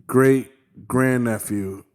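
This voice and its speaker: A man's voice: mid-range voice, drawn-out words, clear, resonant tone. A young man co-hosting a podcast in casual, profane banter, laid-back and peppered with "dude.". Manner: laid-back, swears a lot, says "dude". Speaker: podcast co-host. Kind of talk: casual chat.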